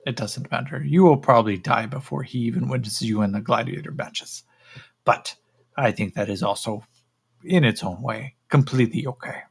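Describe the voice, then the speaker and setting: A man voicing a cold, condescending chimpanzee-like male alien slaver who speaks slowly and clinically. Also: medium pitch, creaky, husky. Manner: slow, clipped, clinical and dismissive.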